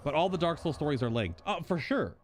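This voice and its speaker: A man hosting a casual gameplay commentary, thinking out loud and bursting into exclamations. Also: fairly high pitch, animated, a little fast, a little hiss or hum. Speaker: gaming host.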